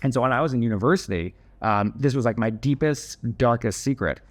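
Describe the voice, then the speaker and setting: A man's voice: medium pitch, a little fast. A young man casually telling a personal story to camera, chatty and self-deprecating, with lots of fillers and restarts.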